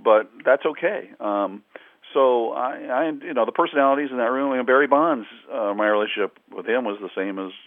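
A man with a lowish voice, a sportswriter guest, chats through loose, rambling stories in a casual interview, laughing softly often and using lots of fillers. The sound is dry and tinny, like a phone line, with no room sound.

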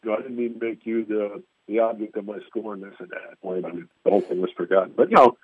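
A man's voice: lowish voice, steady tone, very fast, slightly rough, dry recording. A man, a sports radio reporter, telling stories in casual chat and acting out quotes in raised voices. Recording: tinny phone-line sound, dry.

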